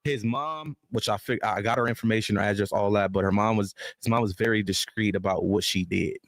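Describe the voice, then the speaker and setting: News-clip narrator, man, matter-of-fact, lower voice, dry recording. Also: fairly quick, no room sound. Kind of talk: online news commentary.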